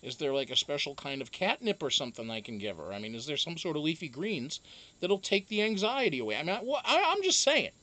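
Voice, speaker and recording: A young man, a reality show houseguest, telling a casual story in a profane, animated way. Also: on the high side, fast talker.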